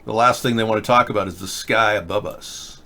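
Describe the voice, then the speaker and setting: A man's voice: fairly low pitch, fairly even intonation, a little fast, sharp tone. Sarcastic rambling livestream host, a man. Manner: sarcastic, rambling, reads comments and tweets aloud. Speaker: livestream political show host. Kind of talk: casual live chat reading viewer comments.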